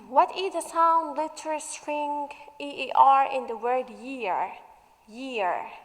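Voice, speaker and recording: A woman English teacher going through a revision worksheet, stretching out example words slowly as she explains. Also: high voice, fairly bright tone, long reverb tail, rough recording.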